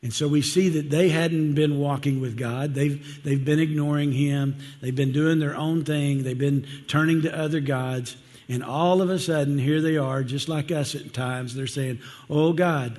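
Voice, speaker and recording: A man preaches in an easygoing, earnest way, talking straight to his congregation and checking in with questions. His voice sits at an ordinary pitch. It carries a long, lingering reverb from a church hall. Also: darkish tone. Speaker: pastor. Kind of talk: sermon. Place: church sanctuary.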